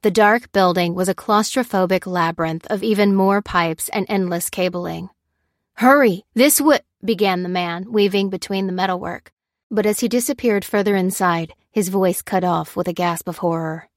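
A woman narrating a story in a steady, even storytelling manner. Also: on the low side, moderate pace, dry recording, clean studio sound. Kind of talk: scripted narration.

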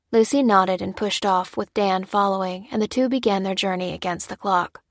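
A woman reading an audiobook chapter in a measured, steady scripted narration. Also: medium pitch, dry recording, clean studio sound.

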